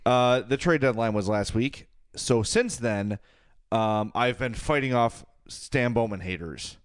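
A man's voice: a little slow, clear, resonant tone, dry recording. Man co-hosting a hockey podcast, voice jumps way up when he gets worked up, super dry mic. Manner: animated, ranting, jumps up in pitch when indignant. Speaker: podcast co-host. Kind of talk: casual sports chat.

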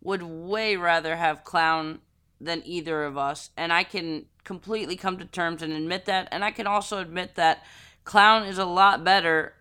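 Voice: mid-range voice, fairly even intonation, normal speed, sharp tone, smooth. A podcast co-host speaking candidly and self-deprecatingly in casual chat.

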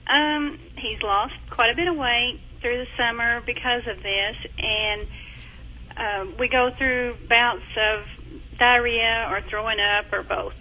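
A woman's voice: fairly high pitch, fairly even intonation, takes it slowly, sharp tone, muffled recording. A woman calling in over the phone, asking a question a bit hesitantly. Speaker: caller.

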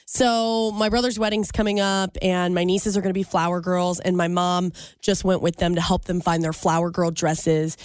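A woman co-hosting a podcast in casual chat, giggly and expressive, acting out the quotes she tells. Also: fairly low pitch, normal speed, few pauses, clear, resonant tone, no echo. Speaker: podcast co-host.

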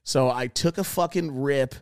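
A young man co-hosting a podcast casually tells a wild story, cursing freely, acting out quotes, and laughing a lot. His mid-range voice is unhurried and clean, recorded in a clean studio with no room sound.

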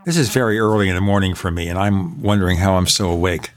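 A man's voice: sits low, steady tone, fast talker, loud music behind the voice. A man hosting a podcast in casual chat, talkative and opinionated, piling up examples. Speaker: podcast host. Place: home in Arizona.

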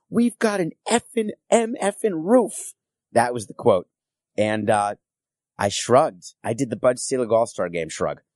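Middle-aged guy talking solo on his sports podcast, chatty storyteller, deepish voice, dry mic. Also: a little mellow, dry recording. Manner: chatty storytelling with laughs and quick asides.

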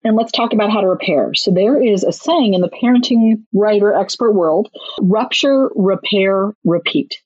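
A woman's voice: mid-range voice, moderate pace, a little mellow, breathy edge, no room sound. A woman and parenting author, explaining emphatically and chattily in an interview. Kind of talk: conversational advice interview. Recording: slightly muffled recording.

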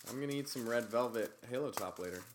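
A man's voice: medium pitch, quick pace, noisy background. A man co-hosting a podcast in casual chat, joking and teasing his co-host.

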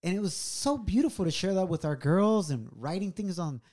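A man's voice: high-pitched, expressive, normal speed, a little mellow. A middle-aged man co-hosting a podcast, telling a personal story in an earnest, reflective way. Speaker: podcast co-host. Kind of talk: casual, heartfelt storytelling.

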